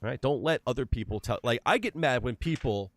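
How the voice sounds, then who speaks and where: A man's voice: mid-range voice, animated, a little fast, no room sound. A man streaming and chatting casually, telling stories in a profane, emphatic way. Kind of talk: casual livestream chat.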